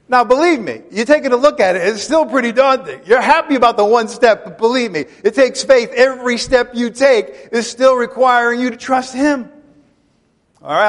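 Man, high voice, animated pastor delivering a sermon with emphatic bursts, recorded in a reverberant hall. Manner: animated, emphatic preaching with conversational asides.

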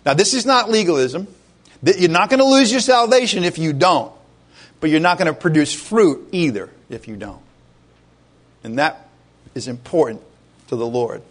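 Guy pastor giving a sermon, kinda high voice, chatty and animated. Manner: conversational, animated preaching with asides.

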